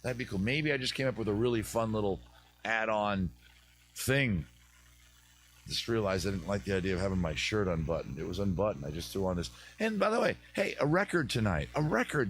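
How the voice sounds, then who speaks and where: Outdoors by a fire in a backyard, a US East Coast man with a lowish voice hosts a comedy advice live stream. The chat is casual and comedic, and he rambles, jokes, and riffs on tangents.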